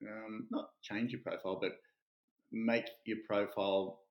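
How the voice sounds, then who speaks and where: A man's voice: fairly low pitch, measured pace, dull audio. A man, a real estate agent and podcast guest, telling stories animatedly and acting out what people said. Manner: animated storyteller who acts out quotes. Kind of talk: casual storytelling interview. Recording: roomy echoey sound.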